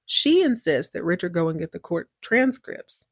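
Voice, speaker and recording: A woman hosting a podcast, recapping a TV series in a casual, opinionated way. She acts out the characters' lines and reacts out loud. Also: on the low side, animated, moderate pace, hardly any pauses, no echo, studio quality. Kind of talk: casual chat.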